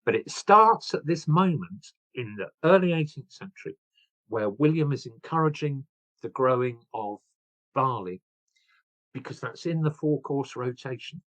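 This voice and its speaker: A man tells history stories as an author guest, eager and rambling, often restarting his sentences. His pitch sits in the middle of the range but swings widely. The recording is dry and close. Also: animated, a little slow, a bit bright, dry recording, low-quality recording. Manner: enthusiastic, digressive, frequent restarts. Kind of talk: storytelling history talk.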